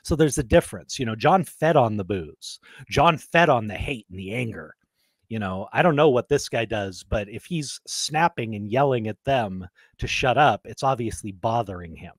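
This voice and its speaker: A man co-hosting a casual podcast chat, talking at a middle pitch in an emphatic, storytelling way. The sound is dry and close, with no room around it. He builds his points with plain conversational force. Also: animated, moderate pace, no echo. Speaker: podcast co-host.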